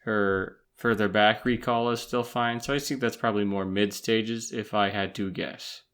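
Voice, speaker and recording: A man's voice: lowish voice, steady tone, normal speed, fairly bright tone, clean tone. A man co-hosting a casual podcast, tossing in dry jokey asides. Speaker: podcast co-host. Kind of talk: casual chat.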